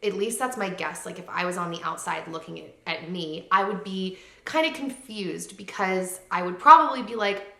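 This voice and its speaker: A woman's voice: fairly low pitch, moderate pace, gravelly, few pauses, sharp tone, reverberant. A young woman talking casually to camera at home in a heartfelt, chatty way, full of likes and ums. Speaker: lifestyle vlogger. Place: home room with hard floors. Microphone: camera mic.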